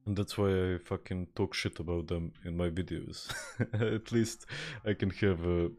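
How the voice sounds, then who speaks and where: A man's voice: low voice, fairly even intonation, measured pace, a little mellow. A young man from Serbia with a Serbian accent, chatting casually on a game stream, laid-back and swearing, reading and answering viewer chat. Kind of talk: casual live-stream chat while gaming.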